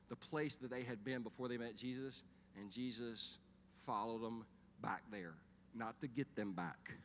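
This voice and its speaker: A middle-aged man preaching a sermon as pastor, telling stories in an animated, humorous way. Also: mid-range voice, a little hiss or hum. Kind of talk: sermon with storytelling. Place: church auditorium. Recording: reverberant church hall.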